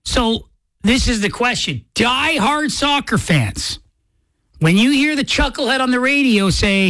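A man's voice: extremely high pitch, lively intonation, a little slow, pushed and bright, dry recording. Man, morning radio host, casual rambling, close dry mic. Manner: rambling, self-correcting, chatty. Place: radio studio. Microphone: studio microphone.

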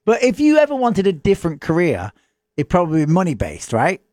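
An English man co-hosting a radio show, chatting casually and joking with quick voices. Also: high-pitched, huge pitch swings, a little mellow, no room sound, clean studio sound. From England. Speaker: radio host.

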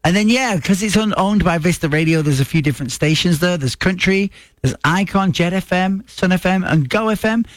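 A man, hosting a radio show in a studio and chatting casually, rambling and spelling things out slowly. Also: sits high. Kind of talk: casual on-air chat. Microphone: studio microphone.

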